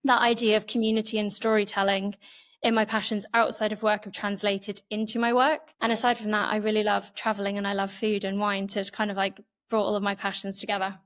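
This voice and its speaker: A woman answering interview questions in a measured way, explaining her points in long, flowing lists. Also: mid-range voice, flat delivery, a bit bright. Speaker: interview guest.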